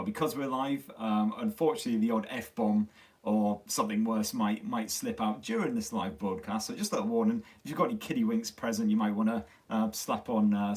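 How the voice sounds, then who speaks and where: A man from Sunderland with a Northern English accent, chatting casually as host of a live tech stream, swearing freely and poking fun at himself, his voice a little worn. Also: fairly low pitch. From Sunderland, North East England. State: slightly losing his voice. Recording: distant mic on a phone stream.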